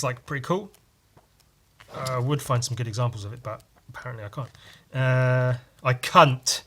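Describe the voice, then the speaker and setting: A man's voice: medium pitch, bright, forceful tone, a little hiss or hum. A man hosting a podcast, chatting casually and swearing freely while he draws. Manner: chatty, swears casually, laughs at own stories. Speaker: podcast host drawing on stream. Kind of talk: casual rambling chat while drawing.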